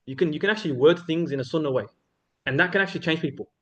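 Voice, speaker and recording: A young man giving an informal talk to a student gathering, lively and addressing the listeners directly with frequent questions. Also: a little high, rapid-fire. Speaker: speaker at a student religious circle.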